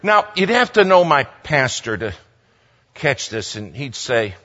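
A man giving a sermon as a story, animated, humorous and conversational. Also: mid-range voice, a little slow. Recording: dull sound, long hall reverb.

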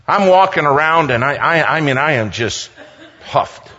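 A man telling an animated story to a congregation and acting out the voices. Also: fairly high pitch, moderate pace, husky. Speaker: speaker to a congregation. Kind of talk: storytelling sermon. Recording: dull sound with long hall reverb.

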